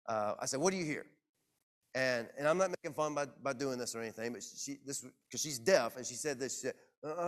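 A man preaching to his congregation, telling a personal story in a lively, self-mocking way. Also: on the high side. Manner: animated, self-deprecating storyteller. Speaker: pastor. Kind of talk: sermon storytelling. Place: church.

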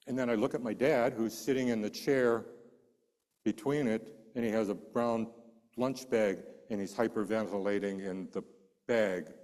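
A man preaching a sermon, telling a personal story with animated delivery and acting out the voices of the people in it. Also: fairly low pitch, moderate pace, big-room sound.

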